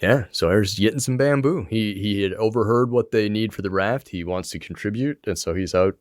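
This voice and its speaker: Podcast co-host, low-pitched man, dry close sound, loose rambling recap delivery. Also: a little fast, dry recording. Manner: rambling recap with repeated words and light laughs. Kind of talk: casual podcast recap chat.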